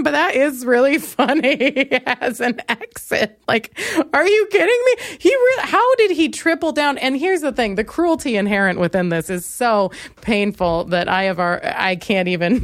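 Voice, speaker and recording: A young woman hosting a comedy podcast, telling a story with sarcastic, animated asides. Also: fairly high pitch, no room sound, clean studio sound. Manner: sarcastic, animated, quotes others in mocking voices. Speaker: podcast host.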